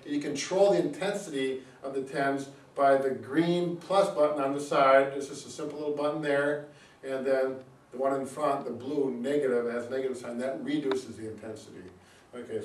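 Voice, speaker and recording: A man, a physical therapist, gives a casual product demonstration and explains things step by step with frequent fillers. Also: mid-range voice. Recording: echoey room, mic at a distance.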